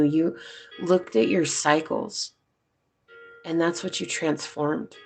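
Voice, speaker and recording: Chatty tarot reader w a gravelly voice, loose filler-y talk, soft music behind. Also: medium pitch, steady tone, slow pace, pauses often. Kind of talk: casual spoken tarot reading to viewers.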